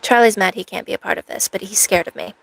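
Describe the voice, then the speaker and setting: A woman's voice: medium pitch, fairly even intonation, fast talker, gravelly, a bit bright. A woman livestreaming in cosplay at home, chatting with viewers in rambling, sarcastic banter. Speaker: streamer. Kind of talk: in-character cosplay stream chat.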